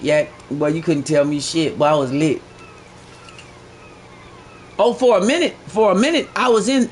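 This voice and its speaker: A man livestreaming a game, chatting casually in a boastful, profane, slangy way that gets loud when excited. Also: a little high, normal speed, a little hiss or hum. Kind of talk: casual live-stream chat.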